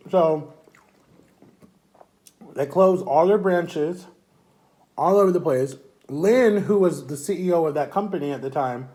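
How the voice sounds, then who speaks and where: A young man telling a long personal story to his camera in a rambling, repetitive, animated way. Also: fairly high pitch, slow pace, long pauses. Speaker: vlogger.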